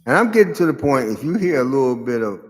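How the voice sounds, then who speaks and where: A man hosting his own show, giving a casual political commentary monologue that rambles, searches for words and turns sarcastic with loud outbursts. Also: medium pitch, very animated, fast talker. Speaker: show host. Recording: long reverb with faint music behind.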